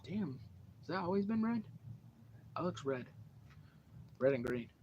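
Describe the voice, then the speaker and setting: A teenage boy telling a long, animated story to the camera at home, full of fillers and cursing. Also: a little high, unhurried. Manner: animated, profane, rambling with fillers. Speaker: vlogger. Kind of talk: casual storytelling. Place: at home, indoors. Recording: dull lo-fi home recording, faint background noise.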